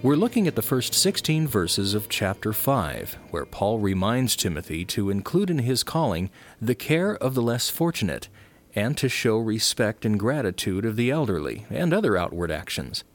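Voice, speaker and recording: Male radio announcer, lowish voice, lively intonation, soft music behind. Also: moderate pace. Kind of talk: scripted radio introduction.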